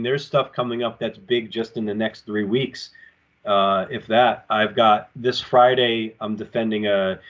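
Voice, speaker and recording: A man who wrestles professionally, guesting on a podcast from his apartment and telling stories in a loose, rambling way, acting out what others said. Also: fairly low pitch. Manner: rambling and animated, acting out quotes. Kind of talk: casual storytelling in an interview. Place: home apartment with collectibles shelves.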